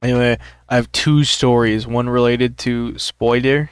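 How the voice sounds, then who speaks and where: A young man co-hosting a casual podcast, telling a story in a halting way with many fillers. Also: medium pitch, fairly even intonation, smooth, no echo, clean studio sound. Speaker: podcast co-host. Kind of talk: casual chat.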